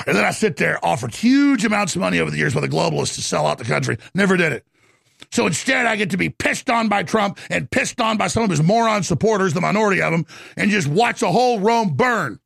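A ranting male radio host with a very gravelly, high voice, his pitch swinging wildly as he shouts. The studio sound is close and dry. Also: animated, no echo. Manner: ranting, shouting, rapid-fire. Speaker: radio talk show host. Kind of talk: heated political monologue.

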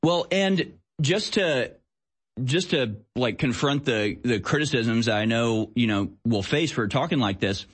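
A man's voice: mid-range voice, lively intonation, measured pace, breathy edge. A man co-hosting a political commentary chat, talking in an insistent, ranting way. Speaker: co-host.

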